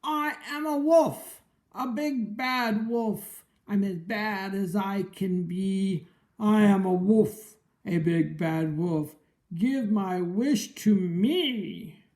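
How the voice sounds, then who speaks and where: A woman voicing a boastful big bad male wolf in a storybook, shouting his brags. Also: mid-range voice, drawn-out words, reverberant. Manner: loud, bragging shouts.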